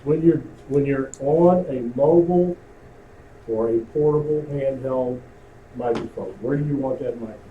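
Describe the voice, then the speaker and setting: A medium-pitched male voice at a moderate pace comes through narrow and tinny. He's an amateur radio instructor leading a club-meeting class on radio communications, lecturing in a conversational way and putting questions to the room, all recorded roomy and distant with faint hiss.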